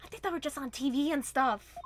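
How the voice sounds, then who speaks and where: A young woman streamer giving casual, chatty, excitable commentary on a game, laughing often. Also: sits high, fast talker. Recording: noisy stream audio with clicks.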